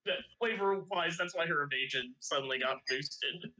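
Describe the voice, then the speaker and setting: A man's voice: fairly high pitch, normal speed, bright, forceful tone, poor audio. A man playing a tabletop game, explaining his character in a rambling way and laughing often. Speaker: player. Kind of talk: casual tabletop game chat.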